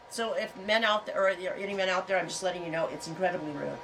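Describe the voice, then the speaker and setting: A woman's voice: mid-range voice, brisk, fairly bright tone, far from the mic, slight background noise, low-quality recording. A middle-aged woman hosting a casual livestream chat, talking in a frank, rambling way and telling stories with animation. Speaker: host.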